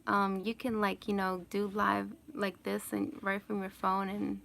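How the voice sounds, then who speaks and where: A woman's voice: medium pitch, monotone, unhurried, gravelly, a bit bright, a little hiss or hum. A woman vlogger chatting casually on a live stream and answering viewer questions, rambling and laughing often. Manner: rambling, laughs often, lots of "like" and "you know".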